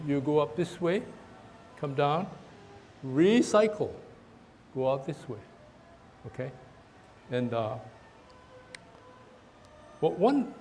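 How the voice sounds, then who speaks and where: A man teaching tai chi to a class, talking haltingly with many restarts as he demonstrates moves. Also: mid-range voice, darkish tone, a little hiss or hum. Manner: halting, repeats words, talks while demonstrating moves. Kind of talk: outdoor class instruction. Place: park, outdoors.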